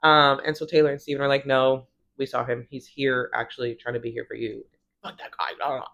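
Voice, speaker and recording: A woman's voice: rumbling low, level tone, fairly quick, fairly bright tone, dull audio. Woman, 30s, TV-recap vlogger; casual, gossipy, swears, quotes characters. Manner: chatty, swears, acts out characters' lines.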